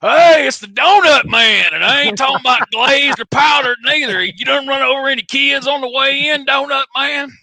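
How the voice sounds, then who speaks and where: A man doing a brash, bossy older wrestler, in a loud, high, drawling voice. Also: normal speed, vocal fry, few pauses, no room sound, exaggerated voice. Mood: hollering.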